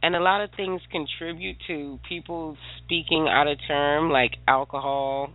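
A woman's voice: low-pitched, steady tone, normal speed, no echo. A woman caller from South Carolina, chatting and laughing between her points. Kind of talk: call-in chat. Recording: tinny dry phone line.

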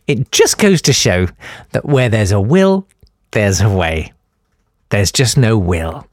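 A man's voice: fairly low pitch, very animated, measured pace, no room sound, clean studio sound. A man hosting a comic news podcast, sarcastic and rambling with lots of ums. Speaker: podcast host.

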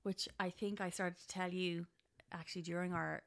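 A woman's voice: lowish voice, flat delivery, normal speed, gravelly. An Irish woman co-hosting a podcast, chatting casually and telling stories animatedly, acting out the voices of people she quotes. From Ireland. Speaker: podcast co-host. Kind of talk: casual chat.

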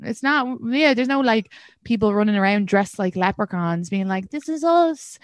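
A woman's voice: medium pitch, steady tone, moderate pace, no echo. A young Irish woman hosting a podcast, chatting candidly and swearing freely, with lots of fillers. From Ireland. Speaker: podcast host. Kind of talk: casual chat.

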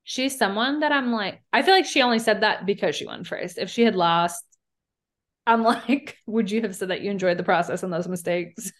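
A woman's voice: mid-range voice, moderate pace, fairly bright tone. A woman co-hosting a podcast, chatting casually and acting out quotes with lots of "like". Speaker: podcast co-host. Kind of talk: casual recap chat.

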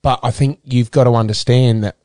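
Middle-aged Australian male guest; candid, earnest, stumbles and restarts, mid-pitched voice. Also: steady tone, mellow, no room sound, studio quality. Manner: earnest, halting with repeated restarts. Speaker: guest, former footballer and radio presenter. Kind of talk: candid interview.

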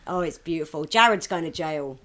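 A woman co-hosting a podcast in casual chat, animated and swearing freely with frequent laughter. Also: low-pitched, fairly quick, a loud crowd. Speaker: podcast co-host.

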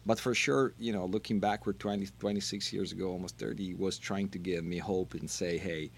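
A middle-aged man from Italy with an Italian accent, a non-native speaker telling stories as a guest in a casual interview, animated and laughing, with halting phrasing. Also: deep voice, vocal fry, slight background noise. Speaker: podcast guest, wine brand manager.

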